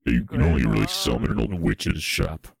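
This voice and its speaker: A man's voice: extremely low pitch, a little fast, gravelly, breathy edge, no room sound. A man co-hosting a comedy talk show, riffing on absurd improvised bits. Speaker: comedy podcast co-host. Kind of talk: absurdist comedy radio chat.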